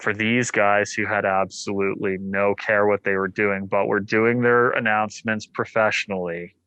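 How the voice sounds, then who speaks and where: A man from Canada, a guest on a podcast, telling stories in a jovial, enthusiastic, animated way. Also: on the low side, normal speed, clear, resonant tone, dry recording, highs cut off. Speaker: guest, actor. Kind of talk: casual podcast interview.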